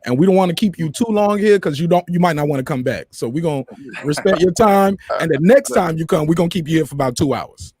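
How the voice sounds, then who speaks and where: A man's voice: on the high side, lively intonation, fast talker, a little mellow, breathy edge, no room sound, studio quality. A man co-hosting an interview, asking questions in a playful, hyping, pushy way. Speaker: co-host interviewer. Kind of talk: casual interview chat.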